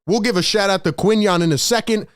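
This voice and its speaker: A high-pitched man delivers an animated postgame sports rant. He jumps into shouted bursts and acts out the players' voices. The recording is dry and close, with no room sound. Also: quick pace, clear, resonant tone, no echo. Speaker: sports show host.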